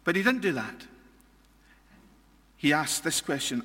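A man's voice: a little high, very animated, a little slow, long pauses, pushed and bright, long reverb tail. A Scottish man preaching a sermon, earnest and emphatic, often repeating and restarting phrases as he builds a point. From Scotland.

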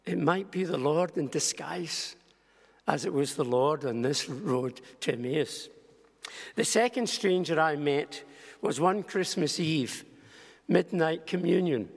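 Older preacher in a reverberant hall. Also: male voice, a little high. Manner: storytelling with restarts and acted quotes. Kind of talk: sermon storytelling. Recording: long reverb of a large hall.

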